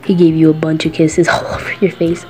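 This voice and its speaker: A woman's voice: deep voice, little pitch movement, a little fast, mellow, faint music behind. A woman casually narrating a fan role-play story, chatty and giggly with many fillers and self-corrections.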